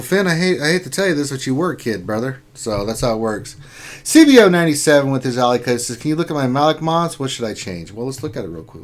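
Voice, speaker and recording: A man hosting a casual gaming livestream, joking around, laughing often and reading out viewer comments. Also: medium pitch. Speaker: livestream host reading chat.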